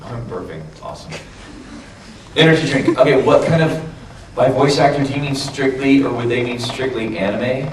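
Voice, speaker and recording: A man with a worn, hoarse voice, chatting loosely and swearing freely as a voice actor answering questions on a convention panel. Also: medium pitch, moderate pace, slight background noise. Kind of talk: casual panel Q&A. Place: large convention hall. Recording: echoey hall from far off.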